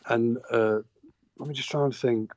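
A man's voice: medium pitch, fairly even intonation, normal speed, darkish tone, no room sound, highs cut off. A middle-aged man from Sheffield with a Yorkshire accent, a touring musician telling long rambling anecdotes full of fillers and restarts. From Sheffield, England. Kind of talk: anecdotal interview chat.

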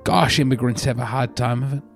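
A man's voice: mid-range voice, steady tone, brisk, creaky, soft background music. An Australian man hosting a comedy podcast, telling meandering stories in a dry, self-mocking way. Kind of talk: rambling comedic podcast monologue.

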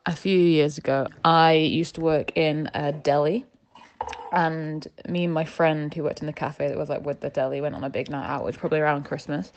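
A woman's voice: low voice, fairly even intonation, a little fast. Northern English woman telling a voice-note story. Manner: laughing, self-deprecating. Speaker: listener sending a voice note. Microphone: phone voice note.

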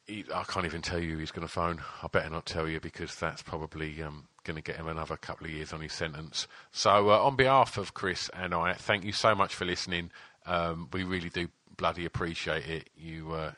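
A man with a very low, bright, forceful voice, chatting loosely on a podcast. He swears freely, teases his co-host and fills pauses with ums. The sound is close and dry. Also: steady tone, dry recording. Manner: swearing, teasing, filler-heavy. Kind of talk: casual chat.

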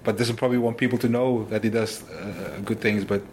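A man, a former footballer, telling stories in an interview, animated and full of exclamations. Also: lowish voice, fairly quick, a little hiss or hum. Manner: animated, exclaims often, restarts sentences. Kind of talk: casual interview storytelling.

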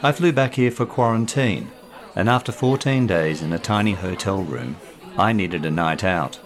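A man's voice: sits low, animated, moderate pace, a faint crowd. A man voicing a confident young woman, a composed con artist, with a light, teasing manner in a read-aloud short story. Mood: breezy.

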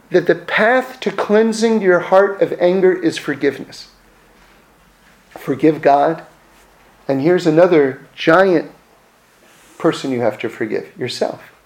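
A man's voice: high voice, a little mellow, poor audio. A man teaching in casual conversation, who repeats key phrases for emphasis and acts out the voices of the people he describes.

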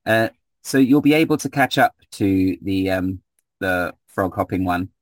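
A man narrating a tabletop game as game master, relaxed and hesitant, filling pauses with ums. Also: sits low, dry recording.

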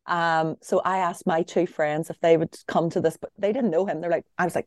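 A woman's voice: lowish voice, brisk, hardly any pauses, no room sound, studio quality. A young woman co-hosting a casual chat, telling a funny story and laughing through it. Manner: lively storyteller, laughing through her own tale. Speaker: podcast co-host.

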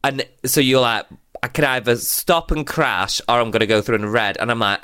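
A man hosts a podcast in an easygoing, gossipy style. His voice swoops widely in pitch, and he punctuates stories with dramatic exclamations. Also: expressive, brisk, pushed and bright. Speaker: podcast host. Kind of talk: casual chat.

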